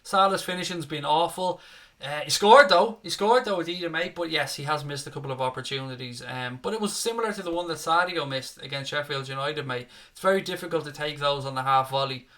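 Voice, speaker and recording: A man's voice: a little high, fairly quick, fairly bright tone. A man hosting a live football watchalong, chatting casually and reading out viewer comments with a matey, joking manner. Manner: chatty, matey, jokey, says "mate" often.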